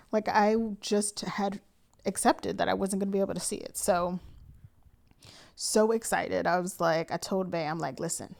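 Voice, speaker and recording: Young woman, casual vlog chat, sleepy and yawning, excitable, slang-heavy. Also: medium pitch, moderate pace, vocal fry. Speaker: planner vlogger.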